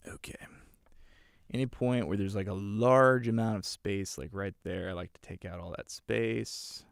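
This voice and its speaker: Speaking into a close desk mic with no room sound, a man hosts a livestream while editing audiobooks, chatting casually and rambling with many fillers. His lowish voice is steady, at normal speed, creaky, clear and resonant.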